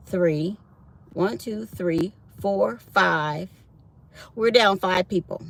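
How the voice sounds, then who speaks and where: A middle-aged woman vlogs a casual morning chat from her truck, telling stories in an animated, talkative way. Her voice is lowish and gravelly.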